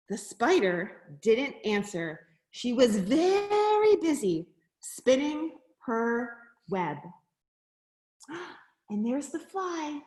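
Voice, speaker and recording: A woman's voice: fairly high pitch, extremely slow, roomy sound. A woman educator reading a picture book aloud to children, gasping with surprise and asking them questions as she goes. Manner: animated, gasps and asks the listening children questions. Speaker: nature center educator.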